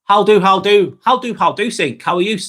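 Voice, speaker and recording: A man with a Lancashire accent hosts a casual live stream and chats easily with his viewers. His voice sits a little higher than most men's. He talks in a loose, unhurried way, swears freely and often stops to restart a sentence. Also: lively intonation, fairly bright tone. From Northwest England. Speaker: live vlog host.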